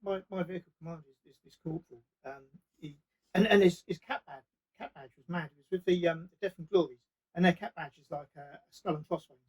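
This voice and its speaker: A man telling casual, animated stories as a podcast guest. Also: fairly high pitch, fast talker, husky, poor audio. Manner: lively, animated anecdote-telling. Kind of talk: casual storytelling.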